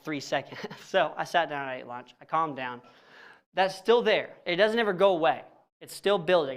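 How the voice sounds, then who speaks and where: A young man at a church, casually telling a personal story, animated and self-mocking, acting out both sides of conversations in plain slang. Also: on the high side. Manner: animated, self-mocking, laughs at his own frustration.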